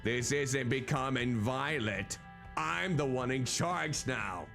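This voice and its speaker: A man voicing a sneering, slick former rock guitarist villain in a deep, hushed tone. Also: slow, vocal fry, faint music behind. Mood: contemptuous.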